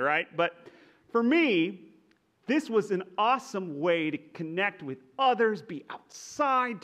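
High-voiced man preaching a sermon. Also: a bit bright. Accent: faint Texan. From Texas. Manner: conversational, self-deprecating, with frequent restarts. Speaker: pastor.

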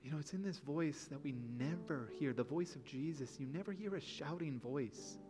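A man's voice: a little high, normal speed, over music. A man preaching a sermon in an earnest, pleading way, full of rhetorical questions. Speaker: pastor.

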